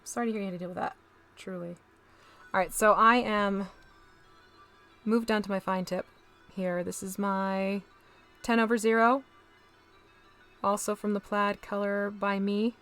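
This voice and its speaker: A woman's voice: mid-range voice, steady tone, unhurried, pauses often, fairly bright tone, faint music behind. A woman hosting a casual live stream, chatting to viewers as she paints miniatures and talks through each step.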